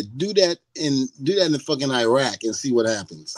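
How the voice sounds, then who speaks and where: An older man from the United States, a podcast guest telling stories in a loose, animated way, laughing often and swearing freely. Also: medium pitch, normal speed, no echo. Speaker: guest, former wrestler. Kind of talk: casual podcast chat.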